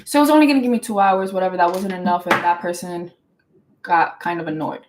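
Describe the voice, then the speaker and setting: Animated young woman venting. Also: on the low side, a little hiss or hum, rough recording. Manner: emphatic and animated, talks fast, many "like" fillers. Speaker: show host. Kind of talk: casual venting monologue.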